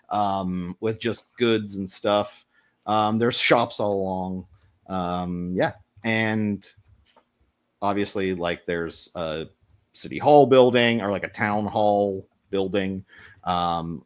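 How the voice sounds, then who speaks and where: A man running a tabletop game as game master, describing the scene in a rambling way with many fillers. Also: deep voice.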